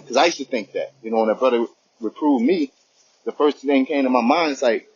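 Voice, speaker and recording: Male lay teacher, conversational scripture talk, muffled low-fi recording. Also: a little fast, darkish tone, breathy edge. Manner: conversational, repeats "you know what I'm saying". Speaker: teacher of a religious lesson. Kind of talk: informal spoken teaching.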